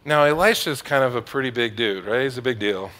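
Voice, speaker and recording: A man's voice: mid-range voice, a little fast, bright, forceful tone. A man preaching a sermon, retelling a Bible story in a casual, joking way. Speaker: pastor.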